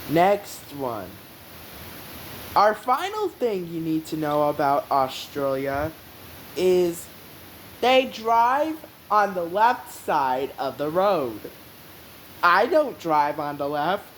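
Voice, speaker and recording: A woman's voice: lowish voice, very animated, slow pace, a little hiss or hum, rough recording. A woman hosting a casual explainer vlog in a rambling, meandering way. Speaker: vlog host.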